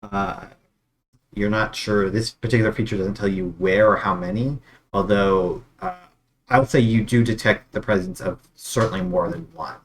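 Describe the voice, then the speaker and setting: A man's voice: lowish voice, moderate pace. A man narrating as dungeon master, describing scenes with many ums and uhs over an online call. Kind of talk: narrating a tabletop game.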